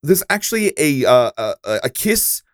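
A laid-back man chatting on a podcast in an easy, agreeable way. His voice sits at a middle pitch, and the sound is dry and close. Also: sing-song, normal speed, dry recording. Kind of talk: casual chat.

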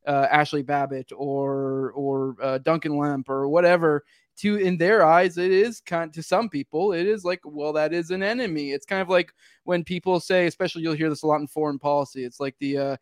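Podcast host, male, slightly high voice, rambling filler-heavy delivery, dry sound. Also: steady tone, moderate pace, smooth, no echo. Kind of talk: casual podcast conversation.

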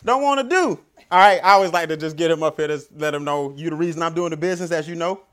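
A man giving a motivational keynote speech, telling stories with animated, emphatic repetition. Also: fairly high pitch, fast. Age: adult father. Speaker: keynote speaker.

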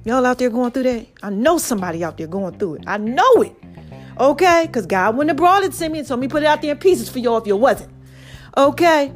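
A podcast host tells a casual story in a high, animated voice that runs a little fast, with soft music in the background. She talks straight to listeners and keeps saying "baby" and "okay."

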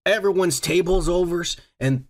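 A man's voice: high-pitched, normal speed. A man co-hosting a podcast, chatting casually in crude, profane, joking banter. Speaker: podcast co-host. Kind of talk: casual chat.

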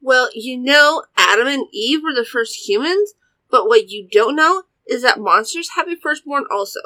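A woman voicing a blunt young female monster hunter in a spoken story, with a bright, dry sound. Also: sits high, animated, moderate pace, no room sound. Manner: speaks softly when chastened.

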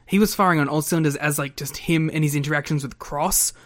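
Man, podcast co-host, teasing and wry, a touch higher-pitched than most men. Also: fast, fairly bright tone. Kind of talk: casual chat.

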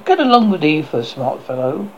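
Mother Rigby, a man doing a shrill old witch. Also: big pitch swings, a little fast. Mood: gleeful. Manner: sharp high tone. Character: cackling old witch woman, doting and fussy. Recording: dull lo-fi with faint noise.

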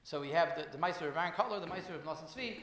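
A man's voice: a little high, racing, a bit bright, reverberant. A man giving a Torah class, telling stories in a loose, conversational way with many restarts and repeated words. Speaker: Torah teacher.

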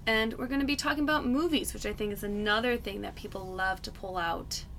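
Bright-voiced playful woman co-host. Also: mid-range voice, a little fast, a little hiss or hum. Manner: playful and joking. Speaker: podcast co-host. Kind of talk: casual chat.

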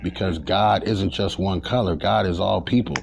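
A man's voice: low voice, fairly even intonation, moderate pace, vocal fry. A man in a voicemail to a podcast, making his point emphatically. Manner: emphatic, preachy. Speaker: caller.

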